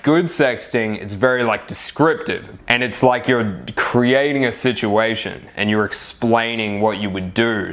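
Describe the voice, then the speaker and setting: A man's voice: mid-range voice, a bit bright. A man talking as a dating coach in a casual advice monologue, chatty, tagging his points with "right?" and swearing freely.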